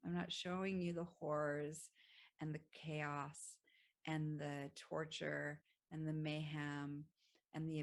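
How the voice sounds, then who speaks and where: A woman voicing a gentle, loving, motherly female plant spirit who speaks softly and calmly. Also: low-pitched. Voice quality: soft and hushed. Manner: tender, calm, consoling.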